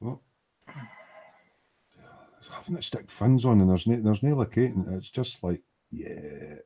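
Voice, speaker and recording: A man's voice: fairly low pitch, expressive, a little slow, mellow, breathy edge. A Scottish man hosting a late-night live model-making stream, joking, swearing and muttering as he works at his bench. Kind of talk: casual late-night chat while building a kit. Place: at a hobby workbench.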